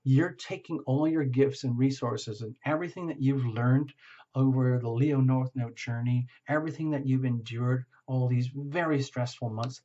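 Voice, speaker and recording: A man with a husky, breathy voice talks through a tarot reading in an upbeat, encouraging way. He addresses the listener directly and sounds enthusiastic. The recording is a little dull and lo-fi. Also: medium pitch, normal speed, dark tone. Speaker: tarot reader. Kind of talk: casual spoken tarot reading.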